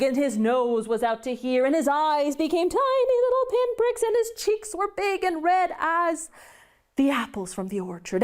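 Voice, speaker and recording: Woman storyteller for kids, high voice, very lively and dramatic. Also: smooth. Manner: animated, dramatic. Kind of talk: live storytelling for children.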